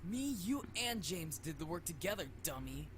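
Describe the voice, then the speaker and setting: A woman's voice: low voice, very animated, moderate pace, a little hiss or hum, pitched below the performer's own voice. A woman voicing a petulant young male incubus in a game, answering with indignant, sarcastic retorts.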